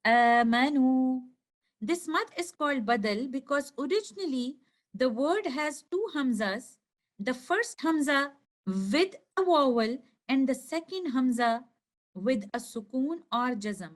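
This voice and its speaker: A woman teaching a recorded lesson over slides, explaining slowly and clearly and stretching out each example word. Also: high voice, animated. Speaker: tajweed teacher.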